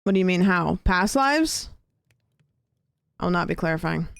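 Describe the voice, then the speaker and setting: A woman's voice: on the low side, flat delivery, quick pace, vocal fry, dry recording, studio quality. A young woman streaming a game, chatting with viewers in a rambling, casual way. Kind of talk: casual gameplay chat.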